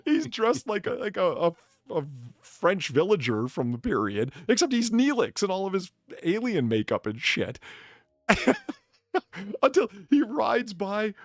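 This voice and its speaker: A man's voice: sits high, wildly swooping pitch, a little slow, no room sound, studio quality. A man hosting a casual chat, telling stories animatedly and laughing often. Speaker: streamer bartender host.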